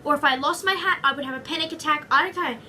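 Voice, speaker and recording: A woman's voice: sits high, quick pace, sharp tone, distant mic, slight background noise. Bubbly Australian girl rambling to camera. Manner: giggly, rambling, goofy asides. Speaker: vlogger. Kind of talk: casual chatty vlog.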